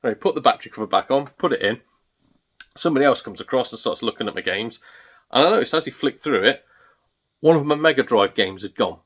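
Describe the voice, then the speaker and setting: A man's voice: medium pitch, lively intonation, fast, fairly bright tone. A British man hosting a gaming channel, telling a rambling, exasperated story with lots of restarts. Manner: exasperated, chatty, self-interrupting.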